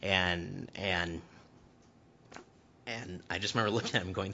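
A male preacher giving a sermon, stammering and repeating words, building to impassioned shouting. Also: low-pitched, fairly even intonation, a little slow, vocal fry, long pauses, dull audio.

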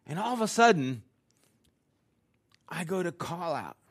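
A man's voice: on the high side, sing-song, measured pace. Older man preaching a story-driven sermon. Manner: storytelling, acting out his own dialogue; drops to a hushed, quiet delivery. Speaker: pastor.

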